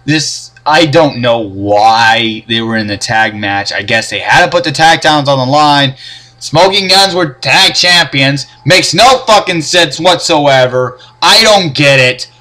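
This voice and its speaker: A man's voice: medium pitch, measured pace, bright, forceful tone. A young man giving a casual, profane, sarcastic rant reviewing old wrestling matches.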